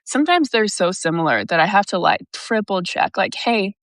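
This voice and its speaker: A woman's voice: medium pitch, sing-song, brisk, a bit bright, dry recording. A young woman who works as an intuitive reader, talking casually and at length to her audience, rambling, swearing and using lots of fillers. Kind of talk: casual monologue to camera.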